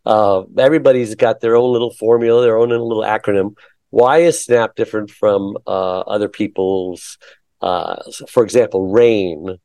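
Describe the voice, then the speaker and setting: Mellow-voiced man hosting a chatty interview. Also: on the low side, moderate pace, no echo. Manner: chatty storyteller, hesitant fillers. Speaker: interview host. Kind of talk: casual interview conversation.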